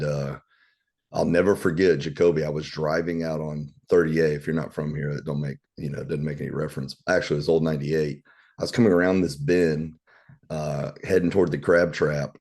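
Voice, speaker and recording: Deep raspy guy leading a bible study, rambling candid stories, cusses a bit. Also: a little mellow. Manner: rambling, candid, swears casually. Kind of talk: casual preaching and storytelling.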